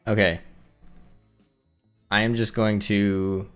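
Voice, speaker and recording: A man playing a tabletop game, easygoing and quick to laugh. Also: fairly low pitch, flat delivery, a bit bright, clean tone, faint music behind. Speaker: player. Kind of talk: casual tabletop play.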